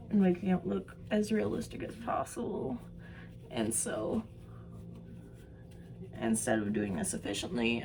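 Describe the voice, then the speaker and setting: A young woman vlogging while she does special effects makeup, chatting casually and poking fun at herself, sometimes trailing off into soft mumbles. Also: lowish voice, creaky, background noise. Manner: chatty, self-mocking, drifts into soft mumbles. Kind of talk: rambling casual chat while doing makeup.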